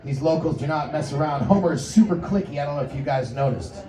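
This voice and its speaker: A man hosting a comedy night in a bar, working the crowd with loud, hyped banter. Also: a little high, fast. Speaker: comedy show host. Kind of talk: stand-up emcee banter. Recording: roomy live bar, distant mic, crowd.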